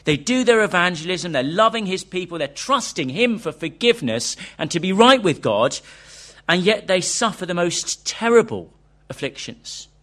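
A man's voice: high-pitched, very animated, normal speed, fairly bright tone. A man preaching a sermon, earnest and questioning, reading a quoted interview aloud to his congregation.

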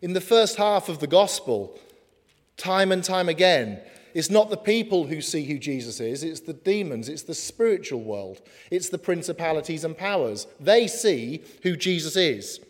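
A man preaching a sermon in an earnest way, slowing down for emphatic lines. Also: fairly high pitch. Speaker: pastor. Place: church hall. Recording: long hall reverb.

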